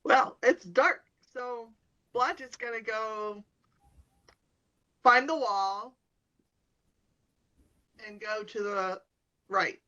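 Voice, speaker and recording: A woman with a bright, clear-edged voice plays a tabletop game. She states her moves plainly and asks about the scene. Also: a little high, drawn-out words, pauses often, dull audio. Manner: matter-of-fact, asks questions. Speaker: player. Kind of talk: casual tabletop play.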